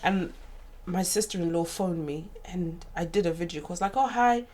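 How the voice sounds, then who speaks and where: A woman's voice: fairly low pitch, steady tone, brisk, dark tone. A woman in her forties telling a personal story as a guest in a sofa chat. She talks earnestly and openly, and she acts out other people's remarks. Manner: earnest and open about painful memories. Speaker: podcast guest.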